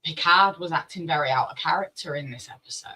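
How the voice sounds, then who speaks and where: Bright, husky man making his case. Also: on the high side, fast, low-quality recording. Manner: argues in numbered points. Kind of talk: casual podcast chat.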